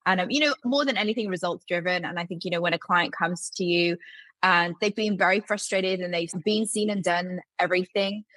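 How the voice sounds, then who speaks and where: A woman's voice: fairly low pitch, brisk, fairly bright tone, dry recording, rough recording. A woman in her forties, a health consultant speaking as a podcast guest in a direct, frank way and laughing easily. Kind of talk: conversational interview.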